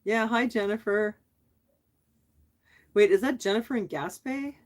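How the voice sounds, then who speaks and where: A woman's voice: medium pitch, unhurried. A middle-aged woman hosting a casual livestream, chatting with viewers and reading their comments aloud, asking questions back and laughing often. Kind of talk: casual live chat.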